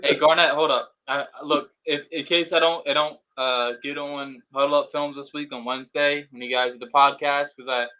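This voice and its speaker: Bright-voiced man hosting a podcast. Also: fairly high pitch, moderate pace, hardly any pauses, smooth, lo-fi sound. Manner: animated, stumbling restarts. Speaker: podcast host. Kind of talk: casual sports podcast chat.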